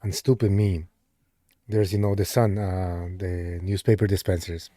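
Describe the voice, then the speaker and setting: A man's voice: low voice, steady tone, unhurried, dark tone, no room sound. Young guy, co-host telling stories, laughs a lot, says "bro" constantly, dry close sound. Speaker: podcast co-host. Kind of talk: casual storytelling chat.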